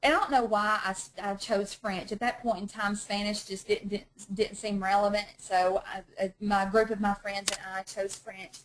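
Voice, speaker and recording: A woman's voice: mid-range voice, steady tone, normal speed, hardly any pauses, slight background noise, poor audio. A woman teaching a women's Bible study in a chatty, self-deprecating way, often laughing at herself. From North Georgia, USA.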